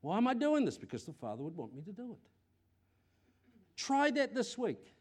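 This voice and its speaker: An older man with a New Zealand accent preaching a sermon to a congregation, animated, often repeating words and asking questions. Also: high-pitched, moderate pace, husky.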